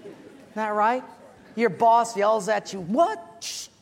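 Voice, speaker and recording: A middle-aged male pastor preaching a sermon, animated and acting out comic stories. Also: sits high, slow pace, creaky, a faint crowd. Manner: animated storyteller, acts out voices. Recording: echoey church hall, faint ambience.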